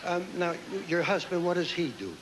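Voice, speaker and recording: A man hosting a pageant, interviewing contestants on stage with quick, joking banter. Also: high-pitched. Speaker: pageant host. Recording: noisy live stage recording.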